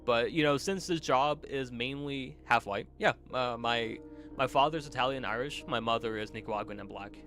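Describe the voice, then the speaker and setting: A man's voice: mid-range voice, moderate pace, a bit bright, faint music behind. A young man streaming, chatting casually with his chat, rambling and laughing with many restarts, his nose a little stuffy. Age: young adult. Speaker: vtuber streamer.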